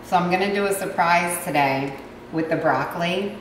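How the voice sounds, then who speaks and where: A woman's voice: on the low side, normal speed. Bubbly woman hosting a kitchen vlog. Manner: bubbly and excitable, talks to viewers. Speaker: cooking show host. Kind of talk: casual cooking vlog chat. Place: home kitchen. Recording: echoey kitchen from far off, noisy.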